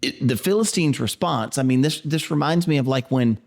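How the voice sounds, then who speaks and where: Man giving a casual video Bible teaching. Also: mid-range voice. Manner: conversational, rambling asides, reads scripture slowly. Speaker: pastor.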